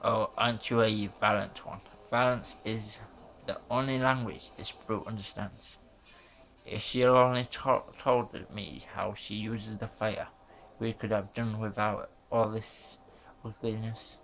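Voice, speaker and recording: Sneering male villain jailer from a story game, read by a man, low and gravelly. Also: fairly even intonation, unhurried, fairly bright tone. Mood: condescending. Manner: sneering, condescending.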